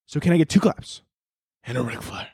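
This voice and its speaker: A man hosting a podcast, riffing in a profane, animated comedic monologue and acting out silly voices. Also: fairly high pitch, a little fast, slight background noise. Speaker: podcast host.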